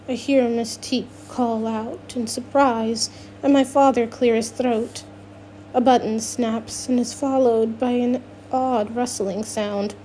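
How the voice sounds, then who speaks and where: A woman's voice: a little high, fairly even intonation, takes it slowly, mellow, slight background noise. A woman narrating a first-person novel, reading with frequent restarts and self-corrections. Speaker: audiobook narrator.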